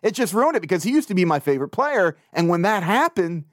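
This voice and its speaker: Animated laughing man host. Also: high-pitched, fast, dry recording. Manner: animated, laughing, swearing, self-mocking storyteller. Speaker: podcast host. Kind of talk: casual chat.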